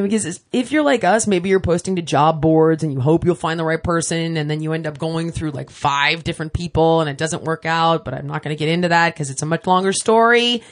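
A woman host reading sponsor ads in a chatty, emphatic way, with casual asides. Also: deep voice. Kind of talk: casual ad read.

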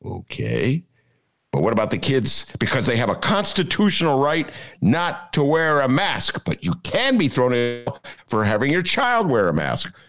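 Sarcastic, animated male podcast host. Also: mid-range voice, moderate pace. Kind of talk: political commentary monologue. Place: home apartment.

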